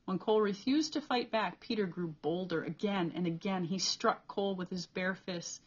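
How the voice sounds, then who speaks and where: Woman reading a novel out loud, steady storyteller, mid pitch, kinda dull lo-fi sound. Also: normal speed, husky. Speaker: audiobook reader.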